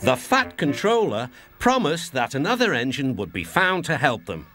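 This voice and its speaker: A man narrating a children's storybook in an expressive reading. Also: fairly high pitch, moderate pace. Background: music.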